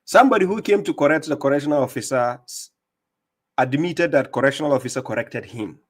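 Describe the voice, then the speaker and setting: A man's voice: mid-range voice, expressive, fast. Emphatic accented man hosting a livestream. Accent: non-native English accent. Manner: emphatic, repeats words, answers viewers by name. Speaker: livestream host. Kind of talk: live-stream commentary reading chat.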